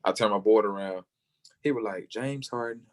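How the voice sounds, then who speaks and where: A young man talking at a fast clip in a low-pitched voice, telling his story in an interview. He acts out everyone he quotes and leaps up high in pitch for their lines. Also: fairly even intonation, darkish tone. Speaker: football player guest.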